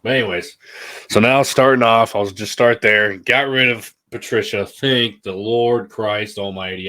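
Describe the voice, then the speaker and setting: A man's voice: on the low side, fairly even intonation, normal speed, pushed and bright. A young man co-hosting a casual sports podcast, talking about his football team with sarcastic asides and frequent laughs. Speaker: podcast co-host, Patriots fan.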